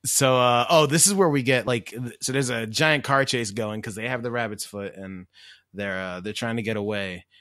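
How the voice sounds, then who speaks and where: A man's voice: medium pitch, moderate pace, no room sound. Chatty, dry-miked man. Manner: chatty, laughs often, animated retelling. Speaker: podcast co-host. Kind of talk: casual chat.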